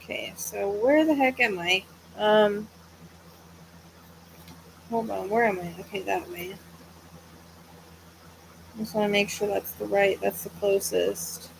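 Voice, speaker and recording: A woman's voice: medium pitch, unhurried, creaky, long pauses, background noise. A woman hosting a live psychic reading, thinking aloud in a hesitant, searching way and sounding tired. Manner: hesitant, searching, trailing off into self-corrections. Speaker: psychic medium host.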